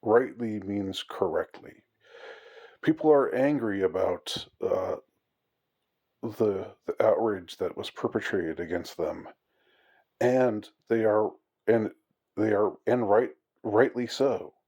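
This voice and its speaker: A man's voice: fairly low pitch, takes it slowly, darkish tone, slightly rough. A man giving a rambling, mock-outraged monologue with many fillers and restarts. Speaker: commentator on English usage. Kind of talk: casual monologue.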